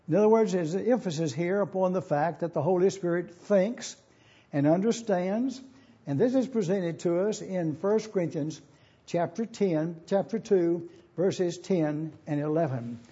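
A man preaching a sermon, teaching in a measured, formal pulpit manner and reading scripture aloud. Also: high-pitched, dark tone, husky, highs cut off.

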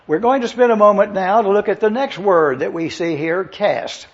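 An older man preaching a teaching sermon as pastor, slowly explaining words and spelling them out letter by letter. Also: high-pitched, husky, muffled recording. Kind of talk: expository sermon.

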